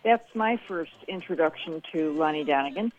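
A woman leaving an enthusiastic voicemail for a radio music show, talking a little haltingly. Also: deep voice, expressive. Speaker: caller. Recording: dull dry phone message.

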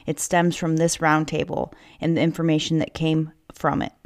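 A woman's voice: low voice, little pitch movement, normal speed. A woman hosting a solo podcast, fired up and angry, swearing often and rambling into asides, recorded inside a child's play tent at home. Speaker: podcast host. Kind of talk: casual solo podcast monologue.

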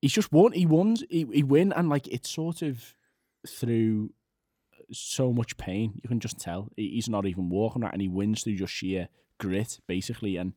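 A man co-hosting a casual chat, animated and quick to laugh. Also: on the low side, dry recording, studio quality. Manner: animated, laughs often, many fillers and restarts.

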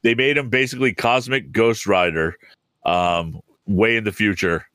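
A man co-hosting a podcast in casual chat, relaxed and a little hesitant, often pausing on "um". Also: on the low side, no room sound, studio quality. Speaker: podcast co-host.

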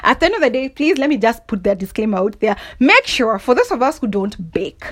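A woman's voice: a little high, a little fast. A young adult woman hosting a solo podcast, giving emphatic, motivational talk and often laughing. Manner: animated and emphatic, often asks "do you understand?", laughs often. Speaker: podcast host.

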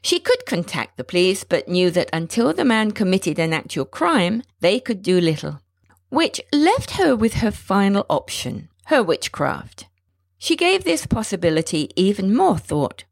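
A woman narrating a short story in a measured, expressive storytelling manner. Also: medium pitch, vocal fry, no echo, clean studio sound.

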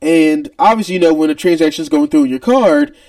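A man's voice: a little high, brisk, dry recording, far from the mic. A man co-hosting a podcast, telling a retail story casually and acting out angry customers. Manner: animated, mimics shouting customers. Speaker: podcast co-host.

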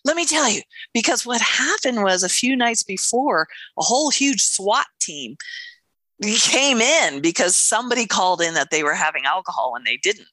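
Animated woman telling a lively story. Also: mid-range voice, normal speed, no room sound. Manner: animated, acts out other people's voices, laughs often. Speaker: author. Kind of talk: casual storytelling chat.

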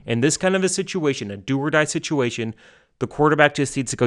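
Excited young man gushing about sports. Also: a little high, fast talker, no room sound, clean studio sound. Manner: excited, gushing, repeats himself. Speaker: sports commentator. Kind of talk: solo sports commentary. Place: home basement.

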